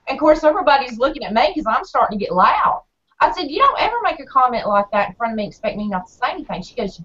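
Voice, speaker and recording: Blunt woman telling a story all fired up, kinda high voice, muffled lo-fi sound. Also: racing. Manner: blunt, animated storyteller who acts out quarrels. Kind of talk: casual chat. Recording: dull lo-fi audio.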